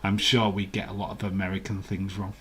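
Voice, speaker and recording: A deep, slightly bright voice with little pitch movement comes from a man talking fairly quickly. A Yorkshire-accented streamer from West Yorkshire, England, he hosts a casual live watch-along, chatting playfully and argumentatively with his audience.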